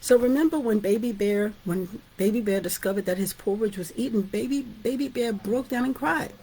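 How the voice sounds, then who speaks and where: A woman teaches storytelling in an informal, chatty way. She keeps checking in with her listeners as she goes. Her voice has a husky grain at a middle pitch. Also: normal speed, warm tone. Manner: chatty, asks "right?" and "guess what?".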